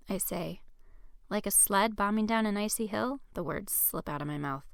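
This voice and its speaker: A woman reads her own young-adult novel in the first person, even and earnest. Her mid-range voice carries a gravelly edge. The sound is close-miked and very dry. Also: mid-range voice, normal speed, no echo. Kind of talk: audiobook narration.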